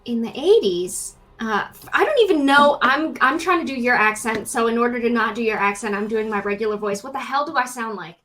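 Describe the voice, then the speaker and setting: A woman's voice: on the high side, animated, brisk, few pauses, fairly bright tone, faint music behind. A woman, playing a tabletop game in a chatty, drawling way with lots of fillers. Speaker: player. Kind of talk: tabletop role-play.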